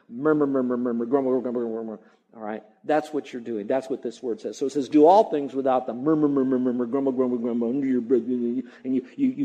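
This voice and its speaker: A man's voice: a little high, warm tone, low-quality recording. A man preaching a sermon as a pastor, emphatic and repetitive, now and then mimicking grumbling.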